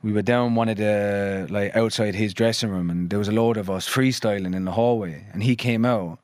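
Laid-back low-voiced man, rambling and swearing. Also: brisk, a little mellow, no room sound, clean studio sound. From London and Ireland. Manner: rambling, swears often, many fillers. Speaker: guest musician. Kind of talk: casual podcast conversation.

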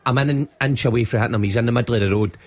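A man's voice: medium pitch, rapid-fire. A middle-aged Scottish man on a radio show, telling a funny story and laughing through it. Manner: animated storyteller, laughs through his lines. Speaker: radio presenter. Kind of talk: radio chat, telling an anecdote.

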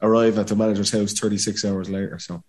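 A former footballer appearing as a podcast guest tells a lively, casual story in a Dublin Irish accent. His voice is fairly low and quick, and the anecdote is animated, full of laughter and acted-out quotes.

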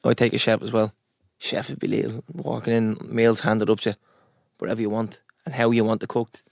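Animated man telling a story. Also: lowish voice, fairly quick, gravelly, dry recording, studio quality. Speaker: podcast co-host. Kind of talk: casual chat.

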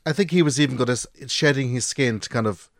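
A man explains his point in a measured, even way on a podcast, restarting now and then. His voice sits mid-range, and the sound is dry and close. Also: mid-range voice, no room sound. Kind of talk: casual chat.

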